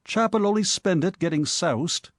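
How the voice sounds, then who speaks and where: A man's voice: sits high, lively intonation, unhurried, no echo, clean studio sound, voice pushed up. A man playing a breezy young lord. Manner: offhand, chummy.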